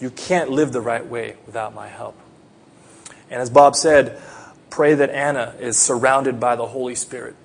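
A man preaching at a baptism, earnest, swinging from quiet teaching to loud pleading prayer. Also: medium pitch, vocal fry, husky. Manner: earnest, rises to loud pleading prayer then drops soft. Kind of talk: sermon.

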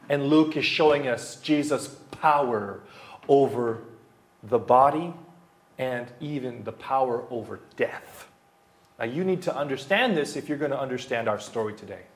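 A man in his thirties preaching a verse-by-verse sermon, talking emphatically, repeating key phrases and dropping in plenty of fillers. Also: mid-range voice. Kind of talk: expository sermon. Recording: roomy hall echo.

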